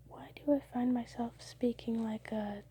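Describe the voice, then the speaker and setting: A young woman whispering close to the mic at home late at night, telling her dreams in a soft ASMR style and now and then breaking into laughs. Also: fairly high pitch, fairly even intonation, unhurried, breathy edge. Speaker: ASMR creator.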